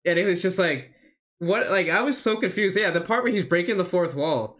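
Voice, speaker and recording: Guy on a podcast rambling, ums and likes, kinda higher voice. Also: expressive, brisk, fairly bright tone. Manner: rambling, hesitant, many fillers. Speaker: podcast co-host. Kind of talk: casual wrestling recap chat.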